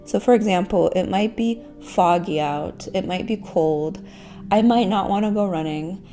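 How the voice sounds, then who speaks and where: A woman teaching self-compassion techniques, slowly counting a guided breathing exercise in a calm, encouraging way. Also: medium pitch, faint music behind. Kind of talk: guided self-help lesson.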